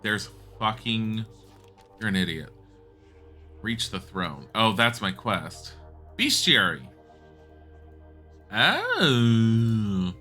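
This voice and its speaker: A man comments on a game as he plays, speaking casually and bluntly and swearing from time to time. His voice sits slightly low but has a bright, sharp edge. Light music plays quietly behind him. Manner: chatty, blunt, swears, thinks aloud. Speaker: game streamer.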